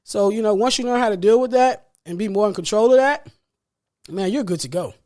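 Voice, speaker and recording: A man with a notably high voice gives a solo podcast talk as a life coach. He speaks in an earnest, preachy way, circling back to repeat his key phrases. Light laughs slip out between his points. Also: expressive, fairly quick, darkish tone. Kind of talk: solo motivational podcast monologue.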